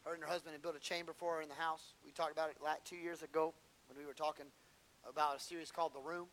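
A man preaching a sermon as pastor, storytelling and building to impassioned shouts. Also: fairly high pitch, little pitch movement, fast, a little hiss or hum.

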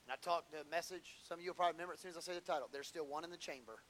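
A man preaching a sermon as pastor, storytelling and building to impassioned shouts. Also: a little high, rapid-fire, slight background noise.

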